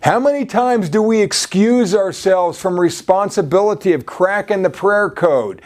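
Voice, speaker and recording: A man's voice: sits high, unhurried, darkish tone. A male preacher delivering a sermon, peppering his talk with "you see" and frequent restarts.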